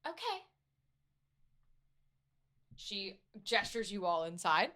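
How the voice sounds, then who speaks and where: Slow, bright-voiced woman game master. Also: medium pitch. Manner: casual, descriptive, filler-heavy. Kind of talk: narrating a tabletop game.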